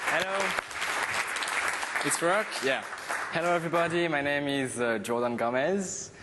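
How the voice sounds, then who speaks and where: A young man from France introduces himself as a stage magician, hesitating often with pauses. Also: fairly high pitch, a loud crowd. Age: young adult. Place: large conference hall. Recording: distant mic with hall reverb and faint noise.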